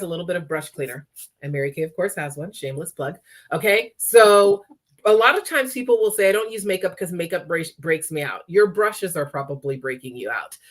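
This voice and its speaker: A woman's voice: mid-range voice, fairly bright tone. Chatty woman demonstrating makeup. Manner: chatty, checks in with frequent "okay?". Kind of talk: live makeup tutorial.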